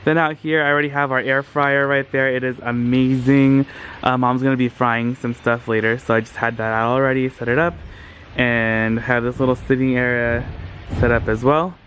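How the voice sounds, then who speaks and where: A man's voice: mid-range voice, steady tone, normal speed, fairly bright tone, a little hiss or hum. A man hosting a casual home tour vlog, upbeat and enthusiastic, talking to a handheld camera. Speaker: vlogger host. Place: at home, indoors and out in the yard.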